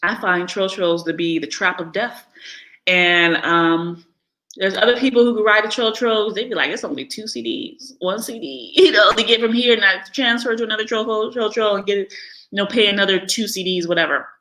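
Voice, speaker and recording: This is an American woman with an African American English accent, talking off the cuff in a live vlog. Her voice is bright and forward, with a candid, unfiltered manner. She laughs readily and throws in animated little impressions of other people. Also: medium pitch, fairly quick, low-quality recording. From United States. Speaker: vlogger living abroad. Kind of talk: casual live-stream monologue.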